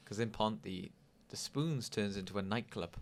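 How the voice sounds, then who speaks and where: A man's voice: fairly low pitch, moderate pace, slight background noise. A man, co-hosting a podcast, telling a laid-back story with dry asides. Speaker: podcast co-host. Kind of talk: casual chat.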